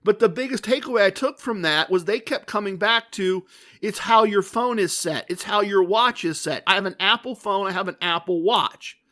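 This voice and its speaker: Bright-voiced man telling a story. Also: high voice. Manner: deliberate, re-enacting dialogue with emphatic slow repetition. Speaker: podcast host. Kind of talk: casual storytelling monologue.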